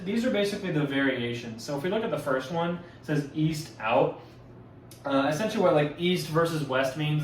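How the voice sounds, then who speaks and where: A drumline instructor loosely walks through audition exercises, using fillers and correcting himself as he goes. His voice is fairly high, and the distant mic picks up an echoey room and a little hiss or hum.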